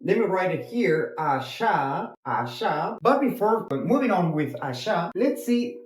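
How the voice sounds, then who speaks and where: High-voiced Argentine man teaching in an echoey room. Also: sing-song, darkish tone. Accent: Argentine Spanish. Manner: explains slowly, repeating words, switching between English and Spanish. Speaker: Spanish teacher. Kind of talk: casual language lesson.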